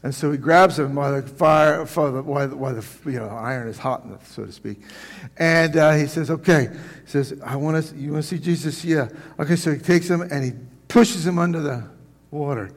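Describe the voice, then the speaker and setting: A man delivering a sermon, his voice sitting a little high and carrying through a church sanctuary with a long reverb tail. He tells stories in a folksy, animated way, stumbling and restarting as he goes. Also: a little fast. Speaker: pastor. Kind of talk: sermon with storytelling.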